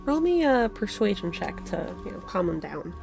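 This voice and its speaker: A woman narrating as game master in a relaxed, unhurried way. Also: medium pitch, creaky, over music.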